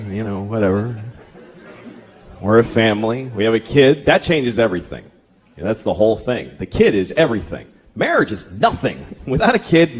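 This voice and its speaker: A man in his thirties doing profane, self-deprecating stand-up comedy, acting out voices, recorded live with crowd noise. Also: medium pitch. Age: 30s. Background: audience laughter.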